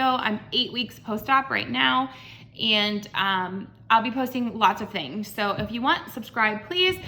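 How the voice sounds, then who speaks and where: A woman's voice: on the high side, pushed and bright, a little hiss or hum. A woman in her thirties telling her own story in a personal vlog, candid and rambling, with many fillers and restarts. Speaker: vlogger.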